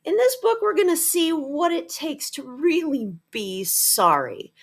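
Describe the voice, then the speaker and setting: A woman reading a children's picture book aloud, animated and coaxing, turning to the listener with questions. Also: sits high.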